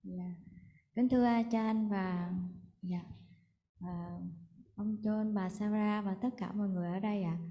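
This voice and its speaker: A woman respectfully addresses the teachers and asks a question. She speaks hesitantly with polite fillers. Her voice is mellow and mid-pitched. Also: fairly even intonation, moderate pace.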